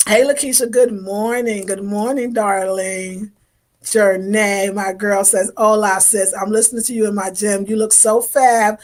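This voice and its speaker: Woman, fifties, livestream host; casual, warm-hearted slangy chatter greeting viewers by name. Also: mid-range voice. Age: 50s. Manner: chatty, effusive, informal slang. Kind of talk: casual livestream chat reading viewer comments.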